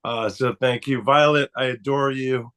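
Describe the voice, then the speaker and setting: A man's voice: mid-range voice, steady tone, measured pace, a bit bright, clear, resonant tone. A man talks over a video call in an ordinary middle voice. He laughs between phrases and jokes about himself, and he sounds close to tears. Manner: giggly, emotional, self-deprecating. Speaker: participant. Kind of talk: casual thanks on a video call.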